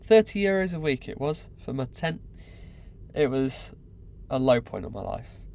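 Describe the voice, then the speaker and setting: A man with a mid-range voice recounts his own story to camera, candid and animated. He leans on repetition and casual slang to drive each point home. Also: medium pitch, normal speed, vocal fry, slight background noise. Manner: candid, animated, repeats words for effect.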